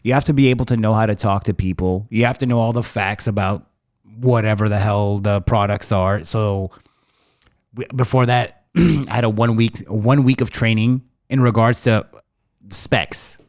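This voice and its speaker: A man's voice: on the low side, steady tone, moderate pace, a little mellow, no room sound, clean studio sound. A man in his thirties hosting a podcast, telling rambling casual stories with lots of slang. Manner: rambling, slangy, says bro a lot. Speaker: podcast host. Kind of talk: casual storytelling chat.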